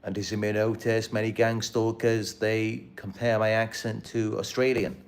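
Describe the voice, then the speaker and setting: A man's voice: lowish voice, level tone, moderate pace. A man hosting his own channel, talking to camera in an earnest, repetitive, aggrieved live-stream monologue. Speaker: channel host.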